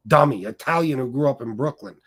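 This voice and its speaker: A man's voice: mid-range voice, fast, a bit bright, slightly rough. A man hosting a livestream, ranting combatively and swearing heavily as he taunts his critics. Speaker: livestream host. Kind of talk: profane livestream rant.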